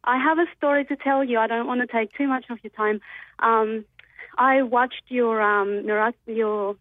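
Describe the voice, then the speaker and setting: This radio caller from Australia is a jittery woman telling a story full of hesitant ums. Her fairly high voice keeps a fairly even intonation at a normal speed, heard over a tinny phone line without echo.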